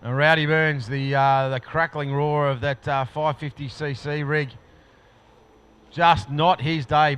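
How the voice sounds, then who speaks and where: A man with an Australian accent calling a live powerboat race, excitable and rising to shouts at the finish. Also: a little high, smooth. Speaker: race commentator. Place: commentary box at an outdoor lake event.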